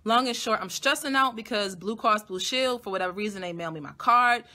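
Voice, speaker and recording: A young woman vlogger telling a personal story to her audience in a blunt, profane, animated way. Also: mid-range voice, fairly quick. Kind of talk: casual storytelling to camera.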